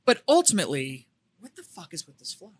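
A man's voice: high voice, huge pitch swings, fairly quick, darkish tone, slightly rough. A man co-hosting a podcast who trades crude jokes in casual chat. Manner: crude, joking. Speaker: podcast co-host.

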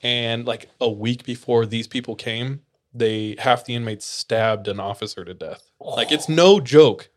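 A man's voice: medium pitch, unhurried. A young man chatting casually on a podcast, telling a long story with lots of laughter. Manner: animated storyteller, laughs often. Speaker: podcast co-host. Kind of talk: casual chat.

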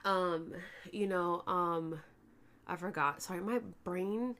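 A pregnant, tired woman chatting casually to her viewers as a vlogger, animated and swearing freely. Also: on the low side, slow. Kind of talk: casual chat to camera.

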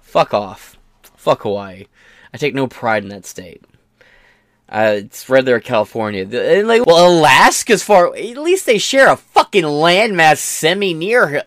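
Profane, sarcastic man hosting a commentary podcast, a touch higher-pitched, dry booth sound. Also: very animated, normal speed, fairly bright tone, dry recording. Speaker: podcast host.

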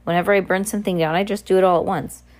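A woman's voice: medium pitch, fairly even intonation, rapid-fire, darkish tone, close to an everyday voice. A woman reading aloud and voicing a nervous, greedy, scheming male villain.

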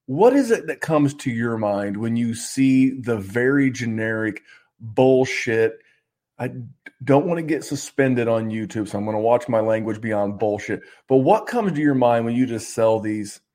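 A man on a podcast works himself into a swearing rant. He stumbles over repeated restarts as he talks, and his voice sits in a middle pitch that leaps up when he gets angry. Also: mellow. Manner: fired-up, swearing, stammering restarts; repeats "I, I, I" at starts of lines. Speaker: podcast co-host.

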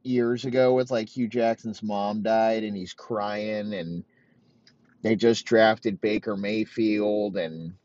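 A man's voice: lowish voice, fairly even intonation, slow pace, a little mellow, dry recording, lo-fi sound. A man hosting a sports podcast, ranting in a rambling way and swearing heavily. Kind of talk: profane sports rant.

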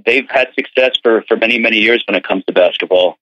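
A man with a Philadelphia accent, calling in as a podcast guest and chatting in a relaxed way with many fillers. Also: lowish voice, quick pace, dry recording. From United States. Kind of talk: casual chat on a phone line. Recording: thin phone-line audio.

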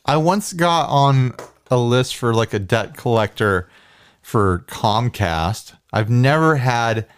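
A man's voice: medium pitch, slow, smooth. A man co-hosting a casual podcast, telling stories and acting out phone calls in voices. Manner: animated storytelling, acts out phone calls. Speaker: podcast co-host. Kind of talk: casual chat.

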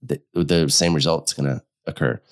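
Low-voiced guy musing on couples therapy, stops and restarts a lot, bit under the weather. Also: steady tone. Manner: thoughtful, halting, restarts phrases while explaining. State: slightly unwell. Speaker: couples therapist, podcast co-host. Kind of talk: casual podcast discussion.

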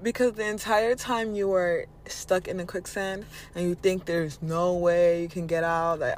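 A man's voice: high-pitched, fairly even intonation, unhurried, few pauses, a little hiss or hum. A man hosting a podcast, giving a blunt, casual spiritual motivational monologue and swearing freely. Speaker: podcast host.

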